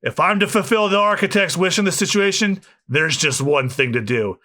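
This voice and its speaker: A man co-hosting a podcast, reading a manga aloud with asides, in an animated way. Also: high voice, normal speed. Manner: animated, reads with asides and laughs. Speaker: podcast co-host.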